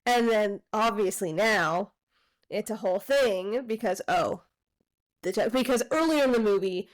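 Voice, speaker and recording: A woman co-hosting a podcast, casually retelling a film's plot with lots of "like" fillers and quick asides. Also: mid-range voice, rough recording. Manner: rambling retelling of a film plot, many "like" fillers. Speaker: podcast co-host. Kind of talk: casual chat.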